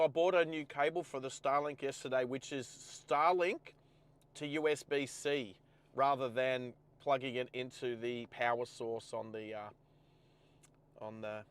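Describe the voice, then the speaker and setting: An Australian man hosting a casual live stream from his car, chatting and thinking aloud as he sets things up. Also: medium pitch. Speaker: host.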